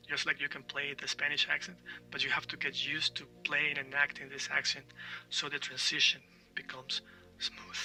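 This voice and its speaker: A man's voice: a little high, bright, forceful tone, far from the mic, low-quality recording. A man teaching a Spanish pronunciation lesson, repeating letter sounds and checking in with "all right?". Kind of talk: language lesson.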